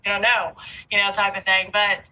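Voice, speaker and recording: A woman's voice: medium pitch, level tone, moderate pace, pushed and bright, poor audio. A woman in her thirties, a podcast guest, talking candidly and with animation, full of fillers. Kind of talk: casual conversation.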